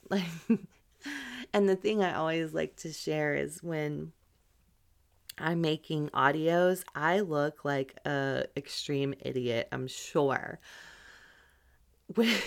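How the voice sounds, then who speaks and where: A woman's voice: low voice, smooth. A woman hosting a podcast, chatting in a candid, loose way with plenty of fillers. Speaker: podcast host. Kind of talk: casual chat.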